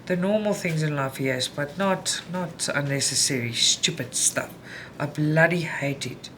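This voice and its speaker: South african woman, candid chatty vlogger, slow pace, noisy home recording. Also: low voice, a bit bright. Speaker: cross-stitch vlogger. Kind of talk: casual chat to viewers while stitching. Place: home room. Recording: home recording with background noise.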